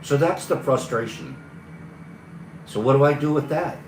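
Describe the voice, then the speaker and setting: Male host, mid-pitched, earnest and rambling; echoey room, faint music under. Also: normal speed, distant mic. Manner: earnest, rambling, talks through frustration. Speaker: livestream host. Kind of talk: casual livestream monologue.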